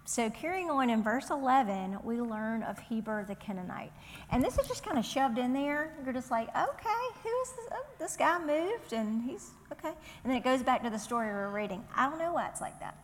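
A woman's voice: a little high, in a large hall, a little hiss or hum. A woman with a Southern US accent teaching a Bible study, earnest and conversational, reading scripture aloud.

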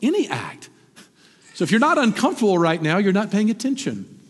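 A middle-aged man delivers a sermon in an animated, conversational way, throwing rhetorical questions to his congregation. His voice sits high and a little husky, with lively swings of pitch. It rings out with a long reverb, like a church sanctuary. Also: quick pace. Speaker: pastor.

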